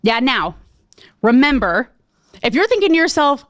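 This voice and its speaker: A woman sales coach telling a story in a webinar, animated and acting out her own reactions. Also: sits high, normal speed, no echo, muffled recording. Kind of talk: storytelling presentation.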